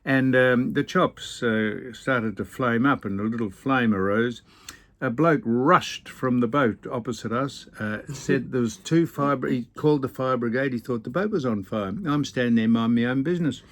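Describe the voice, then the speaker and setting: A man's voice: medium pitch, normal speed. An older man, hosting a casual vlog on a boat and reading out viewer comments with dry, teasing, opinionated banter. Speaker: vlog host. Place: aboard a boat.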